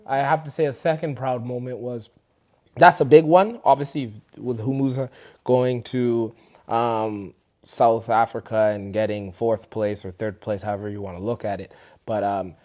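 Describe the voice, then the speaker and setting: Here the Canadian street dance instructor talks at a moderate pace and medium pitch while recounting a story in an informal interview. He performs each quoted person animatedly, lifting his voice to play them.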